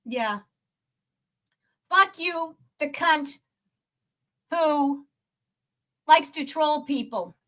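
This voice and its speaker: A woman with a high, fairly bright voice speaks very slowly, leaving long pauses. She's hosting a live stream, cursing at and taunting a troll in a profane, mocking rant, laughing between jabs.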